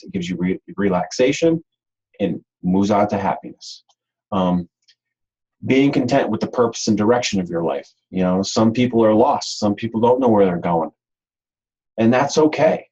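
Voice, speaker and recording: Male webinar presenter, husky and breathy, loose and repetitive delivery. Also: on the low side, mellow, lo-fi sound. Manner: rambling, repeats words, many ums. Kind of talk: unscripted webinar talk.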